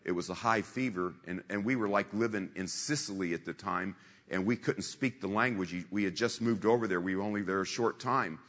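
A man's voice: on the low side, fairly quick, a bit bright, long reverb tail. A man preaching a sermon in a conversational storytelling way, repeating scripture lines for emphasis.

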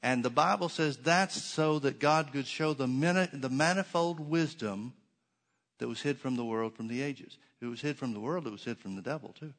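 A man's voice: medium pitch, normal speed, a bit bright. A man preaching a sermon as pastor, emphatic, with rhetorical questions and dry sarcastic asides.

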